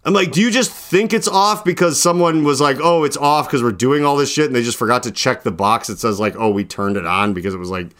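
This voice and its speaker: A man's voice: mid-range voice, fairly quick, hardly any pauses, fairly bright tone. Rambling young man telling a story. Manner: rambling, heavy on "like", acts out both sides of phone calls. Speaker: podcast host. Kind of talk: casual late-night storytelling chat.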